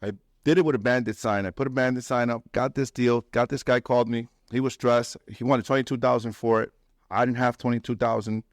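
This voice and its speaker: Blunt, animated man addressing a meetup. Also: a little fast, dry recording, studio quality. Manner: blunt and swearing, acts out quoted people in raised pitch. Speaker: real estate investor and mentor speaking at a meetup. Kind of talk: animated talk to a live audience. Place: meetup room.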